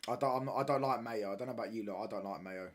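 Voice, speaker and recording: Young guy, live watchalong streamer, slangy chat, loud when ranting. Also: on the low side, racing. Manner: casual slangy banter, repeats phrases, gets loud when ranting.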